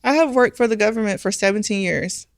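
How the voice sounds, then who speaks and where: A woman's voice: mid-range voice, fast talker, no echo, studio quality. A middle-aged woman, a bar owner, speaking candidly and emphatically in an interview, often using rhetorical questions. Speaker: guest, restaurant and bar owner.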